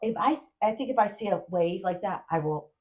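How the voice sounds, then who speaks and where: A woman co-hosting a podcast, telling a travel story in casual chat, animated and full of restarts. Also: medium pitch, brisk, highs cut off. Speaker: podcast co-host.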